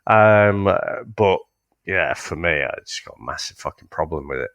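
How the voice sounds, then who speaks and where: A man's voice: sits low, lively intonation, moderate pace, fairly bright tone, no echo. A man co-hosting a casual film review podcast, blunt and laid-back in his opinions. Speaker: podcast co-host.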